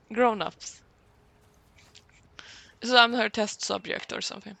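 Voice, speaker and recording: Slow, gravelly-voiced sarcastic young woman. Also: fairly high pitch, steady tone, pushed and bright, dry recording. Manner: sarcastic, swears freely, clears throat often. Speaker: streamer. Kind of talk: casual livestream chat.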